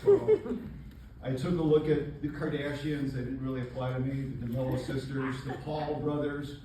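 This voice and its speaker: An older man performing a stand-up comedy set on a club stage, with a deadpan, self-mocking delivery. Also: mid-range voice, moderate pace, a little hiss or hum. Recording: echoey live club, distant mic. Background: audience laughter.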